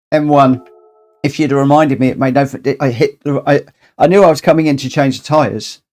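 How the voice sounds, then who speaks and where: A man's voice: medium pitch, a little slow, long pauses, a little mellow. A man commentating live on his own racing game, scolding himself ruefully after a costly mistake. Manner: exasperated, self-scolding, rueful. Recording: game music playing behind.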